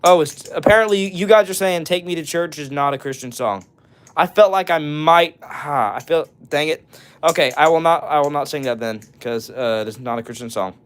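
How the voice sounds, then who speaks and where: A man's voice: fairly high pitch, moderate pace, clear, resonant tone. A young man hosting a casual livestream, reading chat comments aloud and breaking into short bits of songs. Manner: laid-back, answers chat and breaks into short song bits. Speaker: livestream host.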